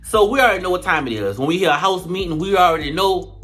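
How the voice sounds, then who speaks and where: Profane, animated reality show reviewer. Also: mid-range voice, fast talker, soft background music. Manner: animated, profane, dramatic retelling. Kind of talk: casual commentary vlog.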